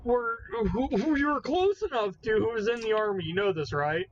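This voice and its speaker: Excitable high-voiced man. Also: normal speed, lo-fi sound, slight background noise. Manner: excitable, swears freely, explains at length. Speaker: podcast co-host. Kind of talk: casual chat.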